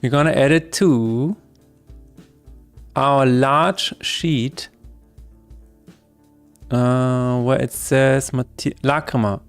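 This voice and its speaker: A man chats casually while he works, often breaking into laughter. His voice is smooth and clear, at a middle pitch for a man. Faint music plays behind him. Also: extremely slow, long pauses. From Austria. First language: German. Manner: chatty, laughs often, reads chat aloud. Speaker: game developer streamer. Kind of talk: casual livestream chat.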